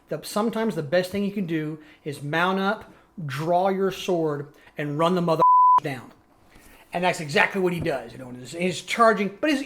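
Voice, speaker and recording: Podcast guy, kinda high voice, rambly, lots of restarts and ums. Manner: rambling storyteller, many restarts and fillers. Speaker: podcast co-host. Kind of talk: casual chat.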